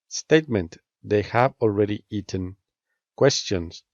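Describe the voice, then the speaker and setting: A man teaching an English grammar lesson, reading example statements and questions in a measured, scripted way. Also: on the low side, darkish tone, dry recording. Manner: measured, reads statement and question pairs with careful rising intonation. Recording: dull, lo-fi dry voice-over.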